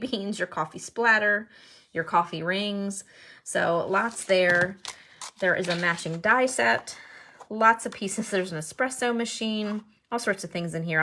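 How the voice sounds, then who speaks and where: A woman's voice: medium pitch, bright, forceful tone. Chatty woman showing off handmade cards. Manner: chatty and enthusiastic, thinking aloud. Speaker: card-making demonstrator. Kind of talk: casual show-and-tell crafting video.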